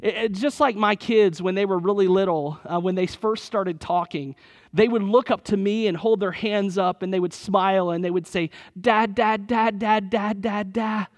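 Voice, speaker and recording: High-voiced earnest male pastor. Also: moderate pace, big-room sound. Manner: earnest, conversational, repeats phrases. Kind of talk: sermon.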